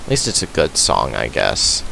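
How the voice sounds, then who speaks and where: A man chatting casually over his own gameplay. His pitch swings up and down as he mutters sarcastic, self-mocking remarks. A faint steady hiss sits under the voice. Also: normal speed, gravelly, low-quality recording. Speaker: let's play host. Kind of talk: casual gaming commentary.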